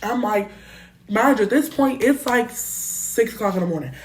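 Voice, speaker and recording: Animated, slangy young woman telling a story. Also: a little high, moderate pace, a little hiss or hum. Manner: animated, slangy, swears freely; jumps between loud bursts and muttered asides. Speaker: storytime vlogger. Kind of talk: casual storytelling.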